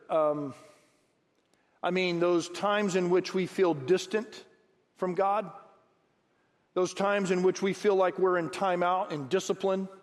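A man preaching a sermon as pastor, acting out Bible dialogue in lively, animated bursts. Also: high voice. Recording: long hall reverb.

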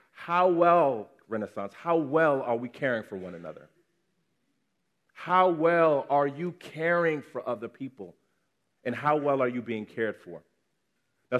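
A man preaching a sermon to his congregation in a conversational way, repeating words for emphasis. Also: mid-range voice. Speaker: pastor. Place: church congregation.

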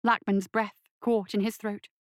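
A woman narrates a scripted adventure story at a measured pace, slowing for dramatic passages. Her middle-pitched voice shows little pitch movement, and the recording is dry and close with no room sound.

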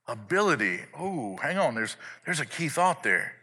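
A man's voice: a little high, sing-song, normal speed, sharp tone, husky. A man preaching a sermon as pastor, telling a family story with playful asides to the congregation.

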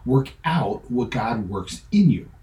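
A man's voice: medium pitch, lively intonation, takes it slowly, warm tone. A man hosting a podcast, giving a conversational sermon that moves from a personal story into earnest teaching with emphatic repetition. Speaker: pastor and podcast host. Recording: roomy echo.

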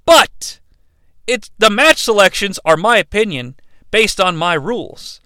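A man hosting a comedic wrestling podcast, ranting sarcastically with animated delivery and the odd shout for emphasis. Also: high-pitched, a little slow, clear, resonant tone, no room sound. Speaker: podcast host.

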